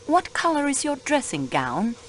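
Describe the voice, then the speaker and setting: A courteous, composed French investigator for a mystery game. She speaks in a formal, measured French accent, her pitch moving a lot as she asks her questions. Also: huge pitch swings, slight background noise. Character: calm, polite French female investigator. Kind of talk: video game voice acting.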